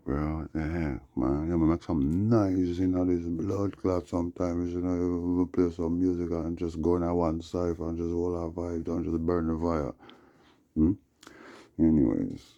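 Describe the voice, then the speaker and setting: A very deep, gravelly man rambles on. He slips from chanted praise into a loose, meandering story, over and over. The recording is dull and lo-fi, and his voice is dark and husky. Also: slow. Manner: drifts between chanted prayer and loose storytelling, full of "you know what I'm saying". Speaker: vlogger.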